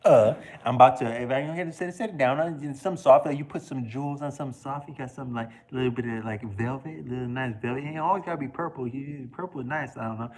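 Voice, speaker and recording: A man talking straight to camera in a loose, rambling monologue, with slangy talk, frequent restarts and chuckles. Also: mid-range voice. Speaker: video creator.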